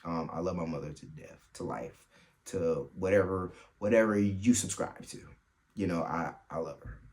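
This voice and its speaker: Animated man telling family stories. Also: deep voice. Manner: animated, laughs through his stories, quick asides. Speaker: podcast host. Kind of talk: solo storytelling chat.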